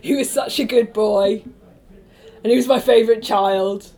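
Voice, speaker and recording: A woman's voice: a little high, unhurried, gravelly, darkish tone. A woman guest on a podcast chatting casually about improv, self-deprecating and laughing often.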